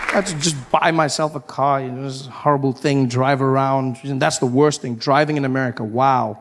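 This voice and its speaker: A man doing stand-up comedy, telling an animated story and acting out the voices. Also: mid-range voice, fairly quick, hardly any pauses, some chatter behind, a little hiss or hum. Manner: animated, acts out voices and shouts.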